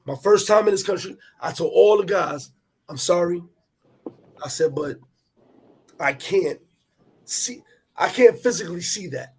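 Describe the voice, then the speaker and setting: Man, casual storytelling, fairly high voice, gravelly, profane, animated. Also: unhurried, long pauses. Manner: animated, profane street talk, repeats words. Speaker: podcast host telling a travel story.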